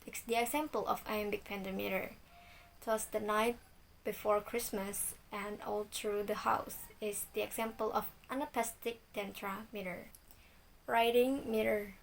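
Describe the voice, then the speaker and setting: A woman's voice: medium pitch, steady tone, measured pace, gravelly, slight background noise, low-quality recording. A young woman, a student, reading her part of a class presentation and reciting lists of examples. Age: young adult.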